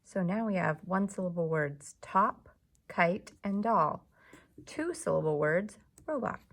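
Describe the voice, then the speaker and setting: A woman's voice: fairly low pitch, lively intonation, measured pace. A woman teacher leading a lesson for young children, patiently clapping out the syllables of words.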